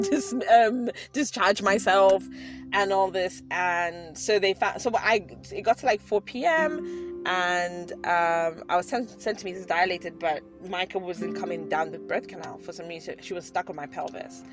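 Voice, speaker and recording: A woman's voice: fairly low pitch, measured pace. A woman in her thirties telling a personal story to her viewers in a chatty way, laughing often and restarting her sentences. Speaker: vlogger. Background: background music.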